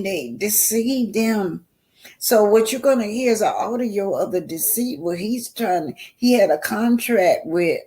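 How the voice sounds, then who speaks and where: A woman's voice: medium pitch, a little mellow. A woman talking to her viewers in a blunt, mocking reaction commentary on a clip she is playing. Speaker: commentary vlogger.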